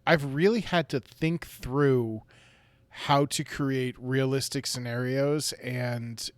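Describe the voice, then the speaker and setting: A man at an average pitch talks slowly and hesitantly, often restarting his sentences. His voice sounds close and dry, with no room around it. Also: fairly even intonation, dry recording. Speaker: podcast co-host, dungeon master. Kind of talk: casual chat.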